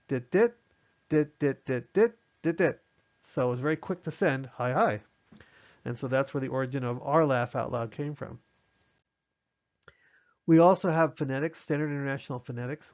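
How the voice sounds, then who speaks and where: A man's voice: mid-range voice, muffled recording. A man teaching an online amateur radio class in a conversational way, acting out short radio exchanges as examples.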